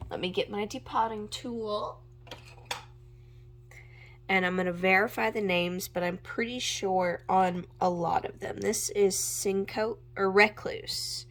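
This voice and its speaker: Slow, creaky-voiced woman gushing over makeup. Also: medium pitch. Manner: chatty, gushing, drifting in and out of soft whispers. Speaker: makeup vlogger. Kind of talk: casual chat while swatching makeup. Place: home room with natural light.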